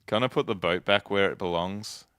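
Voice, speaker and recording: A man's voice: deep voice, normal speed, a bit bright, clear, resonant tone, no room sound. A man giving casual gameplay commentary, chatting and musing aloud to himself as he plays. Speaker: let's play host.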